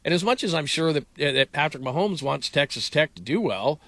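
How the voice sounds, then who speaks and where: A middle-aged man hosting casual sports talk, animated and incredulous, rambling with restarts. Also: a little high, fairly quick, no echo.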